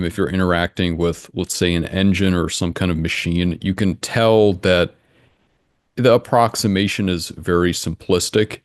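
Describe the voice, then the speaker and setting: A young adult man answering interview questions in a measured, matter-of-fact way, thinking aloud as he explains. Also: low-pitched, no echo, clean studio sound. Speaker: interview guest, engine simulation creator.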